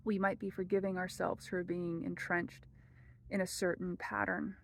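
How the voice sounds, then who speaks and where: A woman giving a gentle, measured spiritual teaching, softening almost to a hush as she repeats a prayer. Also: on the low side, little pitch movement, vocal fry, a little hiss or hum.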